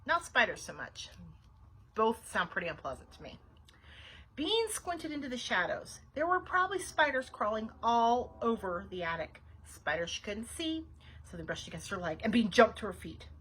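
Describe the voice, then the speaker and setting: Animated woman reading a children's book. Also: on the high side, moderate pace, breathy edge, rough recording. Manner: expressive, animated reading with asides. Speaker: librarian reading aloud. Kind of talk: children's storytime read-aloud.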